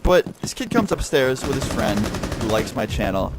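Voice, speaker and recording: A young male YouTuber tells a story casually and animatedly over gameplay, swearing heavily throughout. His medium-pitched voice moves at a moderate pace, and the very noisy recording is full of gunfire and clicks from the game.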